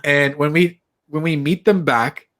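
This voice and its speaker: A man's voice: a little high, steady tone, a little slow, a bit bright. A man co-hosting a podcast, chatting enthusiastically and giving strong opinions on reality TV. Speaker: podcast co-host. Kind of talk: casual chat.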